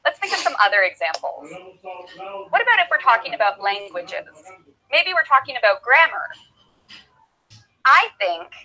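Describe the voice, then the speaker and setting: Woman English teacher, slightly high voice, patient with simple examples, tinny recording. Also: pushed and bright. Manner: patient, demonstrates with props and repeats examples. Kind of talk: slow, clear classroom explanation.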